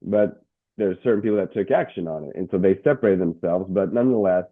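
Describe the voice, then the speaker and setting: Middle-aged guy telling his story in an interview, kinda low voice, sounds like a phone call, keeps restarting words. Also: quick pace. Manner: animated, stumbling restarts and word repeats. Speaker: guest, motivational speaker and coach. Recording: tinny phone-like line.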